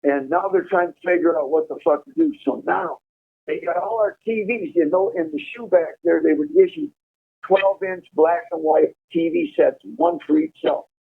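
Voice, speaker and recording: A man telling a profane, animated prison story over a prison phone call. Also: sits high, moderate pace, vocal fry, breathy edge. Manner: profane, animated storytelling, laughing at his own tale. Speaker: incarcerated caller telling prison stories. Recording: tinny phone line.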